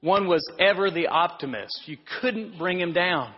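A pastor preaching a sermon in a conversational, storytelling way with rhetorical questions. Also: male voice, sits high, animated, normal speed, breathy edge. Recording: muffled sound in a reverberant hall.

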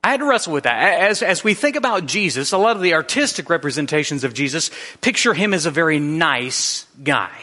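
A man's voice: a little high, expressive, a little fast, hardly any pauses, pushed and bright, in a large hall. A man preaching a sermon in a conversational way, often restarting his sentences. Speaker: pastor.

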